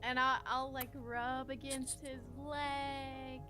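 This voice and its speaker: A woman's voice: high-pitched, level tone, slow, music in the background. A woman playing in a tabletop game, talking casually, giggly and hesitant. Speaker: player.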